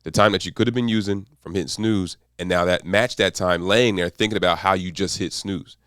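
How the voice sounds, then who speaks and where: A man's voice: low voice, steady tone, fairly quick, fairly bright tone, clear, resonant tone, dry recording, studio quality. A man speaking as an accountability coach in a motivational monologue, repeating short mantras with emphasis.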